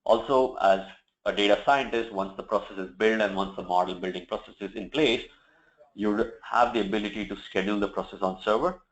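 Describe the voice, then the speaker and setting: A man presenting a software demo, walking through each step in a steady, explanatory way with occasional fillers. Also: on the low side, brisk, poor audio. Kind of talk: product demo walkthrough.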